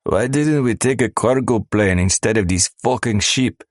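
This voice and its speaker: Brief: a man reading gruff, menacing criminals, deep-voiced, crude, dry studio sound. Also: fairly even intonation, measured pace, no room sound. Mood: griping. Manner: crude, menacing, tough-talking. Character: gruff male smugglers and mafia man. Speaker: audiobook narrator. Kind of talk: scripted audiobook narration.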